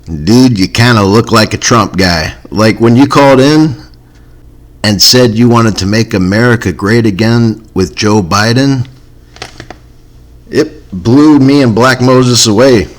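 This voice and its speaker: A man's voice: medium pitch, measured pace. A man hosting a comedy podcast, rambling in a wry, self-mocking way. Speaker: podcast host. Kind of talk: casual comedy podcast chat.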